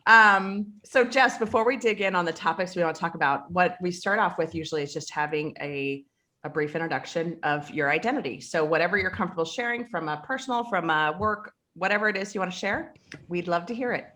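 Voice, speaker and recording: A woman's voice: fairly low pitch, a little fast, pushed and bright. A woman co-hosting a podcast, upbeat and giggly as she welcomes her guest. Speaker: podcast co-host. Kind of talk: casual podcast chat.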